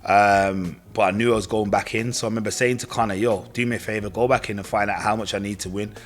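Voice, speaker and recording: A man's voice: lowish voice, fairly even intonation, fast. A young man telling his own story in casual, slangy speech, acting out what others said to him. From Britain. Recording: faint music behind voice.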